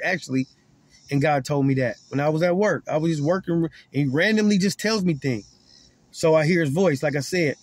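A man's voice: fairly high pitch, slightly rough. A man who calls himself a prophet, preaching straight to the camera in an emphatic way, restarting and repeating his words for emphasis. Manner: repeats key lines for emphasis. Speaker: self-described prophet.

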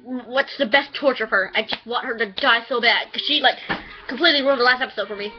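A woman rambling casually through a review, chatty and quick to swear. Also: fairly high pitch, slight background noise. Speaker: anime reviewer. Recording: dull lo-fi home recording.

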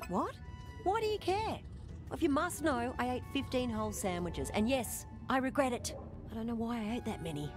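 A man's voice: extremely high pitch, big pitch swings, normal speed, music in the background. An actor playing a flustered, apologetic alien man who feels sick from overeating. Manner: flustered, apologetic, awkward laughs. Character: nervous sandwich-stuffed alien man.

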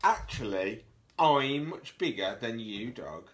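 A man voicing a large farm animal in a picture book who boasts loudly and slowly about its size. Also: mid-range voice, expressive. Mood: boastful. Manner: slow, loud, drawn-out boasting.

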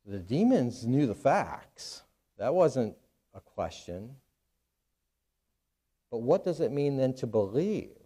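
A man's voice: mid-range voice, sing-song, slow, pauses often, warm tone, slightly rough. A man pastor preaching a sermon, earnest, with frequent restarts and fillers.

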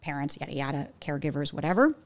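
A young woman coaching listeners on dating and talking at a quick clip. Her voice sits a little low. She tells animated stories and acts out quotes as she goes. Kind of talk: casual podcast conversation.

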